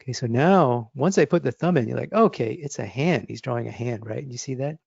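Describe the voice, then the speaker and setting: A man teaching drawing, talking through his sketch step by step as he works, thinking aloud in a relaxed, encouraging way. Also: mid-range voice, quick pace, vocal fry, breathy edge, no echo, dull audio. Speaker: drawing instructor. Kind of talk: live drawing demonstration.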